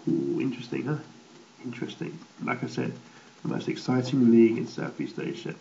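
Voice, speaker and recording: A man's voice: medium pitch, level tone, a little fast, gravelly, mellow, a little hiss or hum. A man from England hosting a casual football results roundup, rambling and blunt, swearing freely. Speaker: football show host. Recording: roomy, slightly dull recording.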